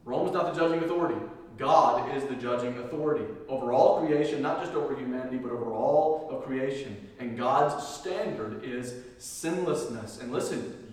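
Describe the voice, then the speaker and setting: A man's voice: mid-range voice, lively intonation, moderate pace. Male pastor, emphatic sermon delivery, repeats key lines, recorded from a distance in a big reverberant hall. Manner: emphatic preaching, repeating key phrases, swinging between loud and hushed. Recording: echoey hall from far off.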